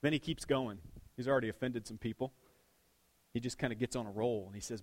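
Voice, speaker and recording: A middle-aged man preaching a sermon, swinging between loud bursts and hushed asides, with a dad's jokes about his daughter. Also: mid-range voice, fast talker, long pauses. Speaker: pastor.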